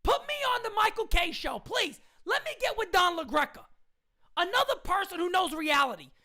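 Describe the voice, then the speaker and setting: A woman ranting loudly and indignantly into a phone camera, repeating her points as a sports fan. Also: very high-pitched, very animated, normal speed. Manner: loud, indignant, repetitive ranting. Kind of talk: live rant into a phone camera.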